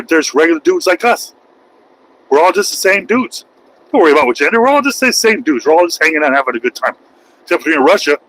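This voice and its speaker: A man's voice: on the high side, a little hiss or hum, poor audio. Rambling, joking man trucker. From United States. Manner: rambling, joking, breaks into loud outbursts. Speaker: truck driver and streamer. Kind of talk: casual livestream chat while driving. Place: truck cab on the highway.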